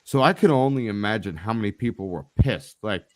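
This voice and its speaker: A man's voice: fairly low pitch, fairly quick, few pauses, dry recording, studio quality. A man co-hosting a live online show, talking in a brash, profane, teasing way. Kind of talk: casual live-stream chat.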